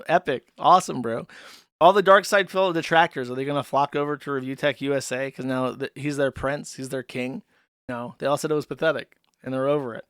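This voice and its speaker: A man's voice: fairly high pitch, a bit bright, dry recording, clean studio sound. Sarcastic, profane ranting man. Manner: profane, sarcastic, frequent fillers. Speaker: commentary host. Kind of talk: ranting stream commentary.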